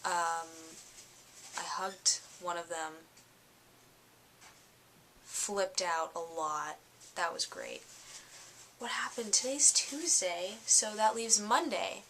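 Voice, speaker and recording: Chatty, bright-voiced tired young woman. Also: lowish voice, takes it slowly, long pauses, slight background noise. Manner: chatty and excitable, lots of fillers. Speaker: fashion vlogger. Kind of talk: casual vlog recap.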